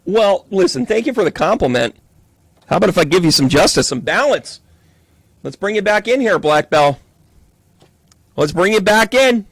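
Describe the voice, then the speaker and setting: A man's voice: high-pitched, very animated, normal speed, gravelly, pauses often, slightly rough, no room sound. A man with a Southern US accent doing a chatty, playful live tarot reading for viewers, joking between cards. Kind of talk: live card reading, casual chat.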